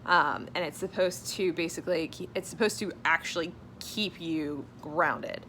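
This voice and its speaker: A woman's voice: on the low side, normal speed, bright, forceful tone, slight background noise. A young woman vlogging at home, candid and chatty, sometimes dropping to a whisper. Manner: chatty and candid, many fillers, drops to a whisper at times. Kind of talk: casual personal vlog.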